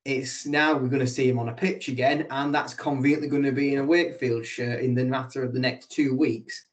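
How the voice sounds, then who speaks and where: A man's voice: medium pitch, fairly even intonation, a little fast. Wry, teasing male podcast co-host. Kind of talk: casual chat.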